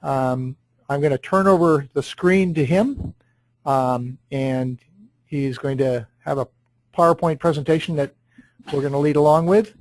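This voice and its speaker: A man's voice: on the high side, measured pace, dry recording, poor audio. A man hosting a webinar, introducing a guest speaker with frequent ums and uhs. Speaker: webinar host. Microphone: computer microphone on a webinar.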